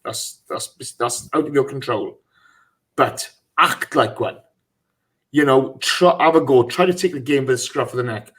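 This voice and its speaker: A man hosting a live podcast, talking in an animated, frustrated way with stumbling restarts. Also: medium pitch, unhurried, husky. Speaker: podcast host. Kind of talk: casual live podcast chat.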